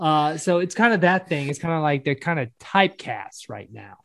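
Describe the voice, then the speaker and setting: A man's voice: a little high, expressive, normal speed, gravelly, a bit bright, no room sound. A man from the American South chatting casually on a podcast, rambling and correcting himself as he speculates.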